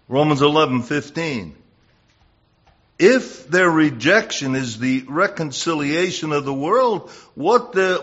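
A man preaching a sermon, emphatic, building to loud bursts on key points. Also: fairly high pitch. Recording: dull lo-fi recording.

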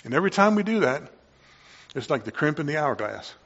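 A man preaching a sermon, moving between quiet reflection and loud, excited exclamations. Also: fairly high pitch, a little fast, husky, highs cut off. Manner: impassioned, swings from quiet to loud.

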